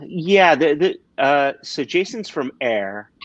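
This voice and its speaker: A man's voice: on the high side, big pitch swings, slow, no room sound. A man talking as a guest on a live video call, hesitant, with many restarts. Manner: hesitant, restarts, warm about a friend. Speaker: guest from a beverage importer. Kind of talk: casual chat on a live stream. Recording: dull dry sound.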